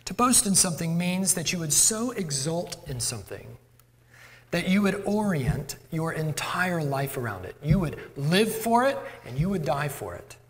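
High-voiced male pastor preaching. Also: sing-song, moderate pace. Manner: conversational, self-deprecating preaching. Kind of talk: sermon. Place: church sanctuary. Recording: long church hall reverb.

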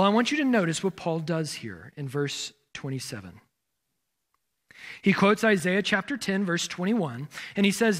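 With a high, slightly bright voice, a male pastor delivers an expository sermon. He explains scripture, asks rhetorical questions, and points listeners to where they should turn in their Bibles.

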